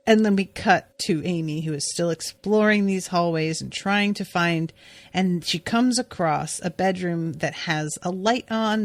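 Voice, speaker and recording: Woman podcast co-host, unhurried casual recap, chatty with lots of fillers, close dry mic. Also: medium pitch, fairly bright tone, dry recording. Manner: chatty, swears, many "like" fillers. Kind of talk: casual episode recap chat.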